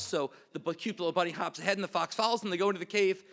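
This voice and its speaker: Bright high-voiced man hosting a memorial. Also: very fast. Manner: anecdotal, lightly humorous storytelling. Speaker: department representative and panel host. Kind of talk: memorial speech.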